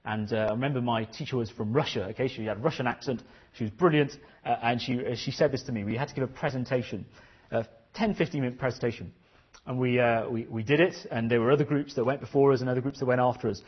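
A man preaching a sermon with earnest, probing questions and frequent repetition. His voice is husky at mid pitch. The recording sounds dull and lo-fi. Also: fast talker. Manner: earnest, questioning, repeats phrases.

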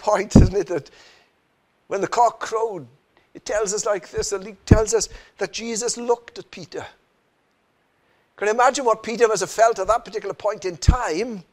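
High-voiced earnest male preacher. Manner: earnest, rhetorical questions, frequent "you know" and "isn't it". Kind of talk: sermon.

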